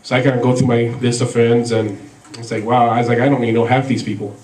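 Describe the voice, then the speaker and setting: A man's voice: mid-range voice, little pitch movement, fast, darkish tone, echoey room, recorded from a distance, poor audio. A man doing a stand-up comedy set, rambling through stories with lots of fillers and laughs at his own jokes. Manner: rambling, filler-heavy storytelling with frequent laughs.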